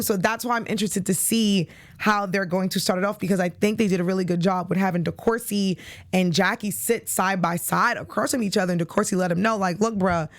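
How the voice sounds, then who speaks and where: A woman from the Boston area with a Boston accent, hosting a casual TV review show and chatting to viewers in a rambling, animated way. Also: medium pitch, no echo, clean studio sound. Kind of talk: casual recap chat. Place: studio.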